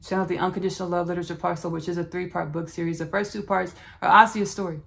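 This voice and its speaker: Black podcast lady, low gravelly voice, loose rambly spiritual chat. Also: very fast, few pauses. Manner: relaxed, rambling, spiritual talk with restarts. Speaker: podcast host. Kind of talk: casual podcast intro and self-promotion.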